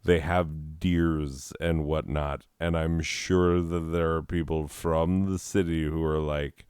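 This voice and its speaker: Slow, deep-voiced man riffing sarcastically. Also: flat delivery, darkish tone, clear, resonant tone, no room sound, clean studio sound. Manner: sarcastic, mocking, laughs at own jokes. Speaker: comedy host reading listener letters. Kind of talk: comedic riffing monologue.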